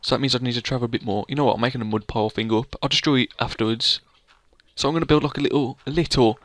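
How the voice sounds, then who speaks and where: Brief: male gamer, mid-pitch, rambling and playful, dry close sound. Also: steady tone, very fast, fairly bright tone, dry recording. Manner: rambling, playful, teasing his co-player. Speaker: let's play gamer. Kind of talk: casual gameplay commentary.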